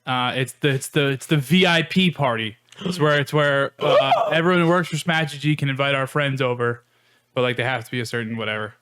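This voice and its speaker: A man's voice: medium pitch, brisk, fairly bright tone. A man co-hosting a podcast, telling a rambling story with many fillers in casual chat. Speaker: podcast co-host.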